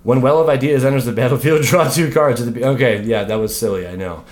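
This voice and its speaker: A man hosting a casual card review vlog at home, animated, swearing freely and breaking off into joking rants. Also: mid-range voice, fast. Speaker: card game video host.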